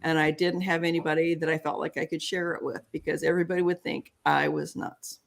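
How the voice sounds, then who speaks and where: An older woman, a guest in an interview, telling her story in an animated way and acting out both sides of remembered conversations. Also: sits low, a little fast, vocal fry.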